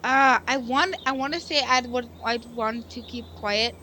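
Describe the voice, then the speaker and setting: A woman's voice: on the high side, a little slow, sharp tone, a little hiss or hum. A woman reading a visual novel game aloud and rambling about it, with giggly, emotional reactions. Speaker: gaming video creator.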